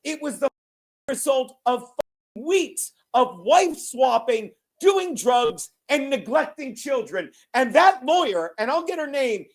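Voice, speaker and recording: Male livestream host, heated ranter who swears, keeps apologizing for interrupting. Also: extremely high pitch. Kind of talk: casual chat.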